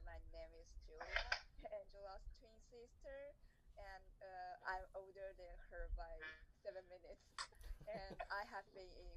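A woman's voice: medium pitch, background noise. A woman introducing herself on a video call in a language exchange group, hesitant with light laughs. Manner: hesitant, laughs between phrases. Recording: dull lo-fi video call audio.

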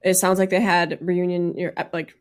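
A woman's voice: lowish voice, normal speed. A woman co-hosting a casual podcast chat, recapping a show and acting out what people said. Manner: animated, acts out people's lines. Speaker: podcast co-host.

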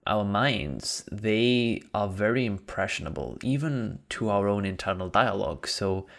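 A man's voice: fairly low pitch, lively intonation, unhurried, vocal fry, fairly bright tone. A man in casual conversation, talking earnestly and reflectively with many fillers.

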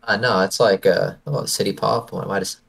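A man's voice: lowish voice, fairly even intonation, fast talker, gravelly, a crowd in the background. A young man co-hosting a podcast, chatting casually with an enthusiastic, teasing manner. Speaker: podcast co-host. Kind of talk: casual chat.

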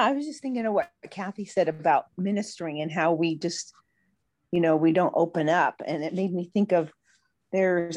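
Woman, somewhat low voice, dry sound, conversational, video call. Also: a little mellow, no room sound. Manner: conversational, building on others' points. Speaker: study group member. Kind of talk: casual discussion.

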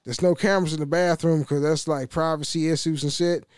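Casting: young male podcaster, slightly high voice, loose profane rambling, dry close sound. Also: fairly even intonation, brisk, clear, resonant tone, no echo. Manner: rambling, profane, laughs often, restarts. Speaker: podcast host. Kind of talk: casual solo podcast rant.

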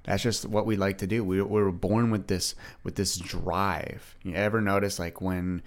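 A man's voice: sits low, little pitch movement, normal speed, slight background noise. A young man hosting a solo podcast, talking casually and rambling with many restarts. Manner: rambling, chatty, frequent restarts and "like". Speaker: podcast host.

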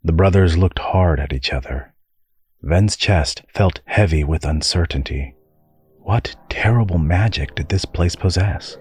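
A man reading an audiobook with measured, steady storytelling. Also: low-pitched, breathy edge, soft background music. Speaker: audiobook narrator. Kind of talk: scripted narration.

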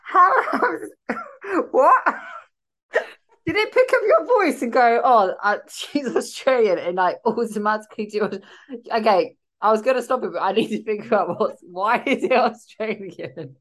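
A woman hosting a podcast in casual chat, reacting with quick, excited exclamations. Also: medium pitch. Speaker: podcast host.

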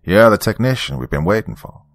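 A man's voice: lowish voice, sing-song, brisk, no echo. A man voicing an elderly country reverend with a strong rural Southern accent, folksy and overly welcoming. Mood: folksy welcome. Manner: chuckling, folksy, hospitable.

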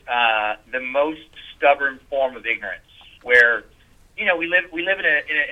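A man guesting on a podcast, talking in an animated, emphatic way with lots of swearing and quick restarts. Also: medium pitch, poor audio. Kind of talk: casual podcast conversation.

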